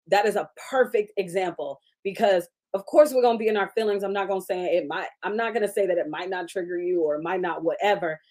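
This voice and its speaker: A woman's voice: medium pitch, brisk, darkish tone. Chatty enthusiastic woman host. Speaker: podcast host. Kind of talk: casual interview chat.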